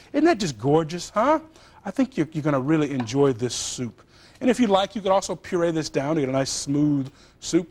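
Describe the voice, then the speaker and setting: A man hosting a TV cooking show, chatting and joking with the crew as he demonstrates recipes in a studio kitchen. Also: fairly high pitch. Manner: chatty, animated, jokes with crew.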